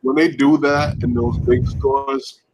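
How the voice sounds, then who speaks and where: A man's voice: mid-range voice, steady tone, slow, a little mellow, slightly rough, poor audio. A man on a casual chat show making dry, matter-of-fact comments. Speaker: show co-host.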